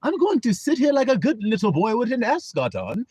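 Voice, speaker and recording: A prim little boy with exaggerated good manners, as a man puts him on, his voice lifted a little above a grown man's. He speaks in a sugary, mock-formal tone, lively and sing-song. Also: extremely high pitch, brisk, a little hiss or hum, pitched above the performer's own voice, exaggerated voice. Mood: mock-polite.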